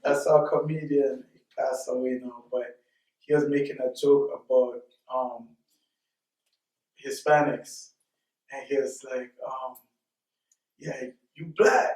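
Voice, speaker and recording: A man's voice: medium pitch, flat delivery, a little slow, long pauses, darkish tone. A man in a casual group discussion who makes his points by retelling jokes and cultural examples. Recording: echoey room, mic at a distance.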